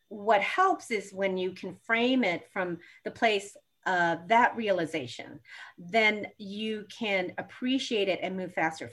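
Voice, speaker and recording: A woman's voice: mid-range voice, fairly bright tone. A woman who reads astrology charts, answering audience questions in a live talk and acting out her own reactions. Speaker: astrology reader, co-host.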